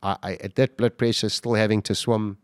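A man being interviewed, retelling a dramatic story with great intensity and acting out shouts and quoted lines. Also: brisk, smooth, dry recording, studio quality. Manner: vivid, acts out shouts and quotes, voice jumps high when excited. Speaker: guest.

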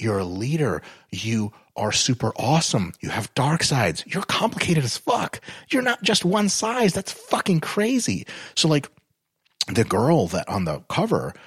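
A man talking as a podcast guest in casual chat, blunt and profane, explaining his ideas with animated swings in pitch. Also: slightly rough, dry recording, clean studio sound. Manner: blunt, profane, swears freely.

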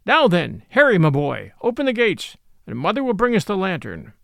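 A man voicing a kind, cheery cab driver who speaks gently but decidedly, in a storybook reading. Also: sits high, wildly swooping pitch, moderate pace, vocal fry, no room sound, studio quality, full character voice.

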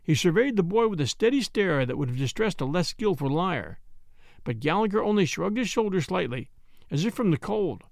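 Reading an old tale aloud for an audiobook, a man narrates in a high voice with big rises and falls; his delivery is measured, expressive, and gravelly. The sound is close and dry, with no echo.

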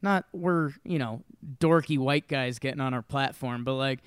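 A young man co-hosting a sports talk show, telling animated stories in casual chat and swearing freely. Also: medium pitch, normal speed, clear, resonant tone, no room sound, clean studio sound. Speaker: sports podcast co-host.

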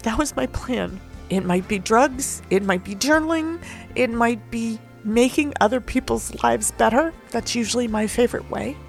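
On her podcast, a woman rambles loosely through a personal story at a moderate pace, candid and emotional, with the occasional casual swear. Her slightly high voice has a gravelly edge of vocal fry, and faint music plays behind her.

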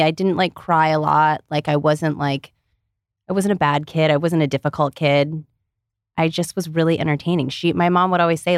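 A woman's voice: low-pitched, dry recording, studio quality. A woman in her thirties from Ohio, chatting as a podcast guest in a bubbly way, full of "like" fillers. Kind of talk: casual chat.

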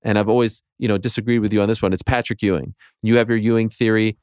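A man's voice: on the low side, level tone, fast talker, darkish tone, smooth, no echo. A man in his late thirties, a podcast guest in casual sports chat, talking with passion and building into rants. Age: late 30s. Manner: passionate, rants with rising intensity.

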